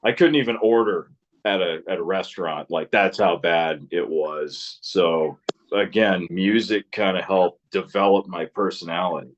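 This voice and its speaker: Brief: man, 30s, very low voice, loose rambling storyteller who cusses, slightly muffled lo-fi sound. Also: unhurried. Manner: rambling storyteller, swears freely, laughs often. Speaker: interview guest, musician. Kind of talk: casual interview chat.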